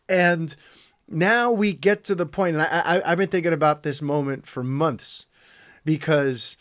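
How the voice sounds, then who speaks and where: A middle-aged man hosts his podcast and tells a story in an animated, enthusiastic way. His voice sits a little high for a man. He gets emotional at times and talks like a devoted fan. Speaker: podcast host. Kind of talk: casual storytelling monologue.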